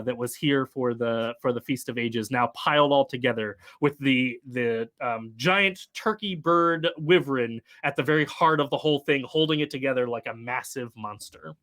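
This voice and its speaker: Bright-voiced male game master, halting. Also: mid-range voice. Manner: halting, full of fillers and restarts. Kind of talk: narrating a tabletop game.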